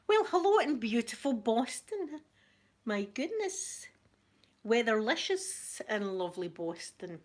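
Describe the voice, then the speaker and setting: A middle-aged woman with a Scottish accent tells a personal story to her live viewers in a chatty way. Her voice is at an ordinary middle pitch. She talks animatedly from home, greeting people in between. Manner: chatty, animated retelling with laughter. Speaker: livestream host. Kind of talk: casual storytelling chat.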